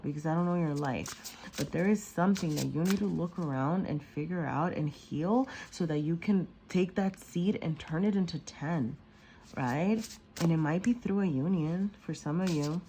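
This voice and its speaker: Low-voiced rambling woman reading tarot. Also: a little hiss or hum. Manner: rambling and excitable, with frequent apologies and laughter. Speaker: tarot reader. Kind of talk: casual pick-a-card tarot reading.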